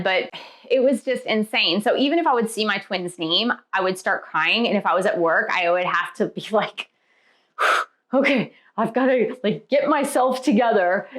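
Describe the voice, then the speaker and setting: A candid, expressive woman telling a personal story, heavy on casual "like" fillers. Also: medium pitch. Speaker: spiritual teacher.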